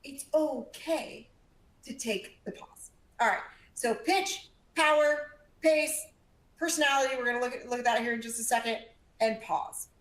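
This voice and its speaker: A woman coaching a live audience on public speaking, energetic and emphatic, shifting her volume and pace and leaning on pauses. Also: high voice. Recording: echoey room.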